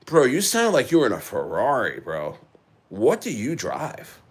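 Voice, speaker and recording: A man hosting a casual crypto livestream, rambling with many halting restarts as he answers his chat. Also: medium pitch, huge pitch swings, breathy edge. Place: living in Chile.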